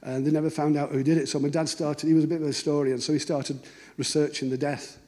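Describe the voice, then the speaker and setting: A middle-aged man tells stories in a relaxed, anecdotal way. His voice sits a little high but has a dark, mellow tone. He slips into the voices of the people he quotes. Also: quick pace. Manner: conversational, anecdotal, acts out dialogue. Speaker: cartoonist giving a talk. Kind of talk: storytelling talk.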